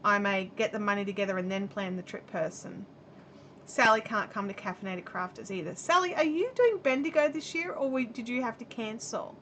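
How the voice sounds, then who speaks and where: A woman's voice: medium pitch, fairly quick, a bit bright, a little hiss or hum. A middle-aged Australian woman hosting a live stream at home, chatting in a rambling way and reading viewer comments aloud while she crochets. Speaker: livestream host. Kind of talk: casual chat while crocheting. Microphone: camera mic on a live stream.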